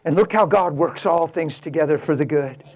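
Telling a story from the pulpit, this male pastor has a fairly high-pitched voice. His sermon moves from hushed, slow passages to loud outbursts.

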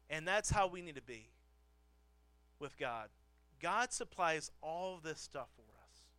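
A man's voice: fairly high pitch, expressive, slow pace, long pauses, bright, forceful tone, smooth, no echo. A man preaching a sermon as the pastor, telling a family story with self-deprecating humor and repeating phrases for emphasis. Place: church pulpit.

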